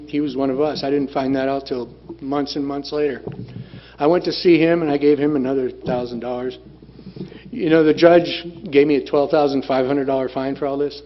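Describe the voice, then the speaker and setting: A man sharing his recovery story at a group meeting, plain-spoken and blunt, repeating phrases for emphasis. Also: on the high side. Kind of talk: personal testimony talk. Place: meeting room. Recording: dull lo-fi room recording with faint noise.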